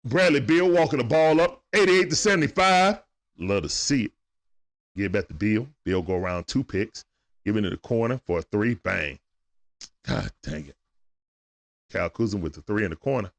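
A man giving casual, excitable play-by-play commentary on a live stream, chatting with his viewers in slang. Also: fairly low pitch, normal speed, gravelly, long pauses.

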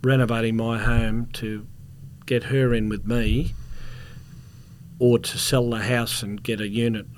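A man's voice: mid-range voice, level tone, measured pace, a little hiss or hum. A middle-aged Australian man, a former police officer and security contractor, telling rambling anecdotes as a podcast guest and coughing now and then. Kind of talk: casual storytelling interview.

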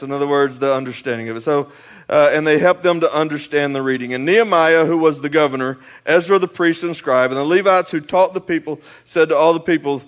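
A man, preaching as a pastor in a folksy, conversational way, moving between loud emphasis and quiet asides. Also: fairly high pitch. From East Texas. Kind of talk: sermon.

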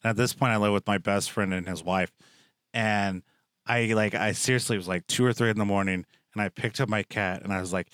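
A man's voice: on the low side, fairly even intonation, brisk, fairly bright tone, smooth, dry recording, studio quality. A young man hosting a casual chat, rambling and joking with lots of filler words. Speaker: podcast host.

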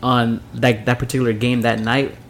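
A man co-hosting a casual drinking podcast, telling stories in an animated way and laughing through the punchlines. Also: medium pitch, normal speed. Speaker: podcast co-host.

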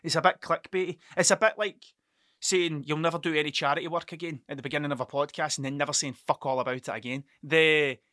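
A man's voice: fairly high pitch, steady tone, fast talker, sharp tone, no echo, clean studio sound. A man hosting a podcast, rambling through a casual monologue, swearing freely and stumbling over his words. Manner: rambling, sweary, stuttering storyteller. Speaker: podcast host.

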